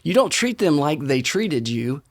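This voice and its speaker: A man's voice: on the high side, big pitch swings, unhurried. Emphatic father on a podcast. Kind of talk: casual podcast discussion.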